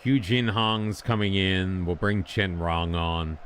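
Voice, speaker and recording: A man's voice: deep voice, steady tone, slow pace, a bit bright, slight background noise. A man commenting casually on his own game as he plays, getting frustrated and talking back to it. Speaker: gaming channel host.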